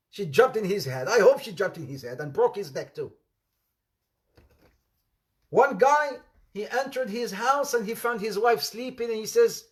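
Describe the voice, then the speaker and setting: Speaking at a moderate pace with long pauses, this high-voiced Islamic preacher delivers a casual sermon built around funny stories. He's animated, slips Arabic phrases into his English, performs the voices of the people he quotes, and laughs at his own anecdotes.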